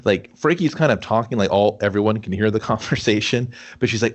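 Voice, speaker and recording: A man's voice: fairly low pitch, fairly quick, highs cut off. A man co-hosting a casual movie review podcast, joking crudely and slipping into mock voices as he recaps the plot. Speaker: podcast co-host.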